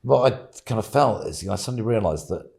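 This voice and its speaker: Man, podcast guest, lowish voice, lively swings in pitch, rambling anecdotes, chuckling. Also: fast talker, gravelly. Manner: rambling, chuckling, many "you know"s. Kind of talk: casual anecdotal storytelling.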